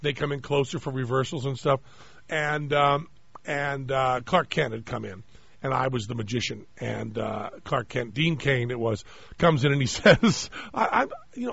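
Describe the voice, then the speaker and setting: A man's voice: mid-range voice, creaky, breathy edge, no echo. A man hosting a radio show, telling a long funny anecdote in casual chat and acting out the lines of the people in it. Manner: animated anecdote-teller, mimics voices in retold dialogue. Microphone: studio microphone. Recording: dry, slightly dull radio studio sound.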